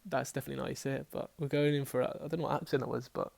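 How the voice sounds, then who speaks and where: A man's voice: mid-range voice, steady tone, very fast, vocal fry, a little mellow. A man casually talking through his fantasy football team picks, rambling and correcting himself as he goes. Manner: chatty, rambling, self-correcting, swears casually. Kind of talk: casual team-selection talk.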